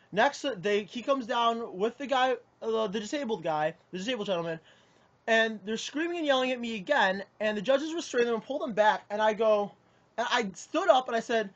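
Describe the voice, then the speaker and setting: A young man telling a personal account to camera in a rambling, indignant way, often restarting his sentences. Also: high-pitched. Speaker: card game player. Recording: muffled lo-fi audio.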